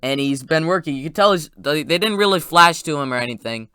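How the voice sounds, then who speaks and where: A man excitedly recapping a movie's plot in a casual, rambling spoiler review, with quick asides. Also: fairly high pitch, smooth, no echo, clean studio sound.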